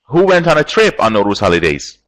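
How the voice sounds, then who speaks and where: A man with a Persian accent teaching English vocabulary in an online class, speaking example sentences slowly and switching into Persian. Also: lowish voice, wildly swooping pitch, poor audio. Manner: slow, spells out example sentences, mixes in Persian.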